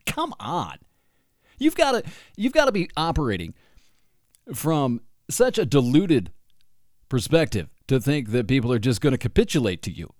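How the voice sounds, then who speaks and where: A man gives an opinionated monologue, reading aloud and adding sarcastic asides. His pitch swings widely as he gets worked up. The sound is dry and close, with no room echo. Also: moderate pace. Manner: animated, sarcastic asides, laughs often. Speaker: commentator reading from a book.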